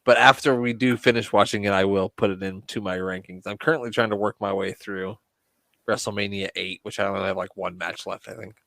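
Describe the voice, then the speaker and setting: A man's voice: fairly low pitch, fairly even intonation, fairly quick, creaky, fairly bright tone, no echo. A man from the Midwest co-hosting a wrestling podcast, joking and swearing as he chats, laughing often. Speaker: podcast co-host. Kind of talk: casual wrestling chat.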